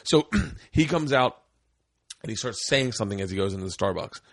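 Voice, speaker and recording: A middle-aged man hosting a podcast, telling a story in casual chat, swearing freely and acting out shouted quotes. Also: on the low side, animated, a little fast, dry recording, studio quality. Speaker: podcast host. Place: indoor studio room.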